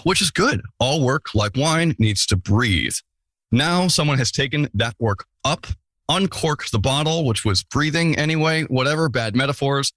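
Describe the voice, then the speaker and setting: A man's voice: medium pitch, fairly bright tone, no echo. A man hosting a casual podcast, introducing the episode and guests with playful, self-mocking asides. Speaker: podcast host.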